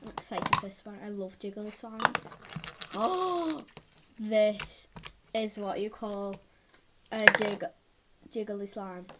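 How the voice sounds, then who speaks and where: A woman with a cold, sniffling as she reviews slime in a chatty, excitable way at home, often gasping and exclaiming. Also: medium pitch, slow pace, pauses often. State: has a head cold, sniffling. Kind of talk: casual unboxing chat. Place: at home, filming on the floor. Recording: loud background noise and clicks.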